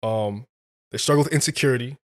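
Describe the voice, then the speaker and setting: A man with a mid-range voice tells a story on a podcast. He speaks in a slangy, animated way, leaning on casual filler. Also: medium pitch, fast talker. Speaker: podcast guest. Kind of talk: casual conversation.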